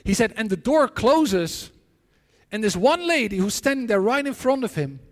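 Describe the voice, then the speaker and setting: High-voiced man preaching in a reverberant hall. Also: big pitch swings. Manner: earnest, halting storytelling with frequent restarts and repeated words. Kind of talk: sermon with personal stories and prayer. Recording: long reverb of a large hall.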